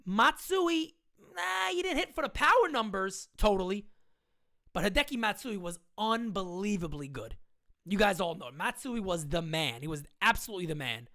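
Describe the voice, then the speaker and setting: A woman hosting a live-stream sports chat, talking in a hyped, slangy way as she shouts out viewers. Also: medium pitch, expressive, normal speed.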